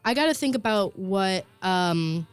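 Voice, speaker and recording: A woman's voice: mid-range voice, animated, a little slow, clear, resonant tone. A woman in her twenties co-hosting a student radio show, chatting casually with frequent laughs and fillers. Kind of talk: casual on-air chat. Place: college radio studio.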